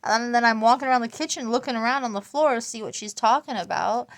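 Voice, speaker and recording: A woman's voice: a little high, fast. A woman casually telling a family story, rambling and restarting often and laughing between lines. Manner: quotes family members in livelier voices. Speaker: vlogger.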